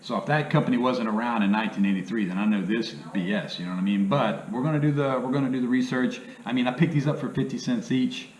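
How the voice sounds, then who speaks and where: A man's voice: medium pitch, fast, few pauses, a little mellow. A man with a hillbilly accent chatting casually about reselling in a rambling, folksy way, often tossing in "you know what I mean.". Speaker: reselling vlogger. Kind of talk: casual vlog talk. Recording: echoey room with faint ambient noise.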